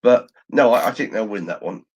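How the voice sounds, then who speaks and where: A man's voice: fairly low pitch, fairly quick, a little mellow, breathy edge. A man, co-hosting a football chat with short, dry interjections. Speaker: co-host.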